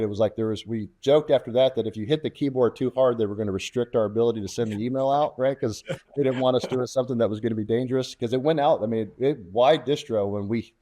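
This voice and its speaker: A middle-aged man, a former fighter test pilot, telling war stories in a casual interview and acting out the quoted dialogue. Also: mid-range voice. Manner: lively storyteller who acts out quoted radio talk.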